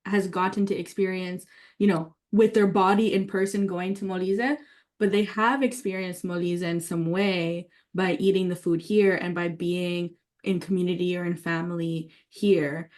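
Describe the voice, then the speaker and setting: A woman's voice: fairly low pitch, steady tone, normal speed, a little mellow. A woman leading a writing workshop, talking enthusiastically and thinking aloud with many fillers and restarts. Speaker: workshop leader.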